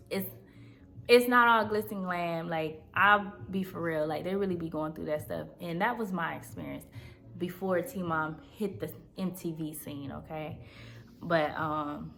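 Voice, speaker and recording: A woman's voice: fairly low pitch, fairly bright tone. A woman in her thirties from Southern California, telling her own life story to her viewers in a chatty, confiding way and often checking in with them. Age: 30s. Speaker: vlogger. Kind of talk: personal story time.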